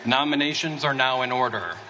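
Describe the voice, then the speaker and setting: A man reads formal procedural announcements as House clerk, measured and precise. His tone is bright and sharp. It comes through a broadcast feed with faint room ambience. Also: mid-range voice, a little hiss or hum, low-quality recording.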